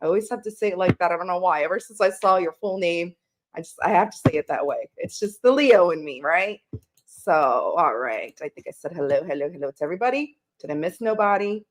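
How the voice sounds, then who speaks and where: A woman's voice: lowish voice, animated, brisk. A woman hosting a casual live-stream tarot reading, chatting and greeting viewers with pet names. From Canada.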